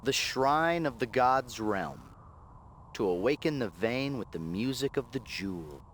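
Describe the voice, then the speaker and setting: A man's voice: mid-range voice, animated, measured pace, a bit bright, a little hiss or hum. An actor voicing a self-assured male AI companion in a video game, who lectures as he explains. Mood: explaining. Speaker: game character.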